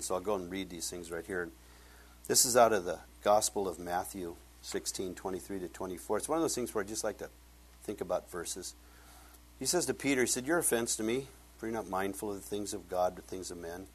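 Male pastor, husky voice, emphatic sermon with loud peaks and soft storytelling asides. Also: low-pitched. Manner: preaching with loud emphatic rises and quiet asides; tells personal stories with laughter.

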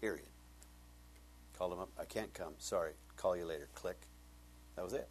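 A man preaching as a pastor, telling a personal story with lively acted-out dialogue that swings up high when he gets excited. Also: normal speed, a little hiss or hum. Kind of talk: sermon with storytelling.

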